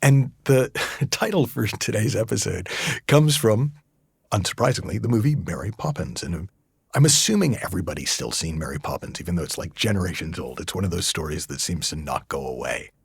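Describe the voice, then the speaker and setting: Middle-aged American male podcast host with a husky, lowish voice, close and dry, musing in a loose, conversational way. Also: expressive, no room sound. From United States. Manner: conversational, with frequent restarts and slow emphatic stretches. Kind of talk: reflective solo podcast talk.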